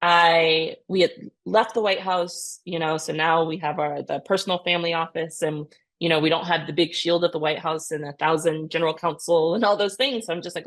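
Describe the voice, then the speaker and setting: A woman in her thirties, a podcast guest telling her story with earnest, animated energy. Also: low voice, a little fast. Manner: earnest, animated retelling with many "you know" and "right?". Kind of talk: conversational interview storytelling.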